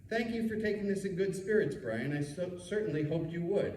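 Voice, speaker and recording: A man voicing a tall male dean, exasperated but polite, who speaks in a measured, gently admonishing way, in an echoey room far from the mic. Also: high voice, a little hiss or hum, voice pushed up, lightly acted.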